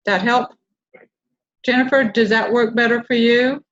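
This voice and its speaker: A woman's voice: fairly high pitch, fairly even intonation, unhurried, a bit bright, dull audio. A woman hosting a casual talk show, chatting in an encouraging way and laughing easily. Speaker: host.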